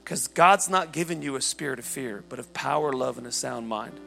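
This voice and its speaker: A man preaching a sermon, telling a story in an animated way and shouting at the high points. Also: normal speed, creaky. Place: church hall. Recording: large hall reverb with faint music.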